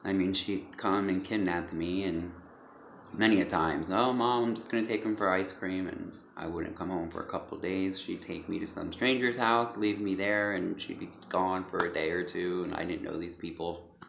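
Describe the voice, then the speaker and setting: A man giving a personal testimony, speaking hesitantly with many pauses and fillers, recorded in an echoey, dull room. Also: low-pitched, fairly even intonation, vocal fry, fairly bright tone, a little hiss or hum. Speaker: speaker sharing a personal story.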